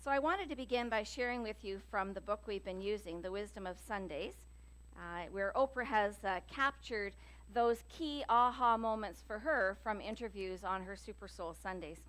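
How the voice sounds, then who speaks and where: A woman minister giving a sermon in a church, telling stories in a chatty, lively way with many fillers. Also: mid-range voice, normal speed. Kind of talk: sermon with jokes and readings. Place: church sanctuary.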